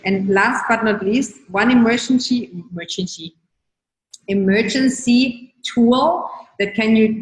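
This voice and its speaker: Gentle woman coaching in an echoey room. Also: fairly low pitch. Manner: gentle, repeats key phrases, guides breathing. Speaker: wellness coach and show host. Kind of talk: casual coaching talk to viewers. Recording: roomy echo.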